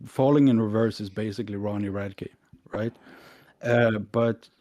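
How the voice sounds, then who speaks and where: A man chatting on a podcast in a measured, hesitant way, with plenty of fillers. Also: lowish voice, fairly even intonation, mellow, dry recording. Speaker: podcast co-host. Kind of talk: casual chat.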